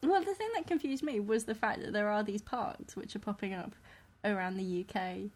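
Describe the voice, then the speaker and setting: A woman's voice: medium pitch, moderate pace, darkish tone. A woman from the UK co-hosting a podcast in casual chat, giggly and rambling. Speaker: podcast co-host.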